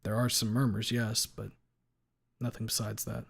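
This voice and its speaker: A man reading a story aloud on a live stream, steady in delivery, with playful asides when he slips. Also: fairly low pitch, normal speed, gravelly, husky.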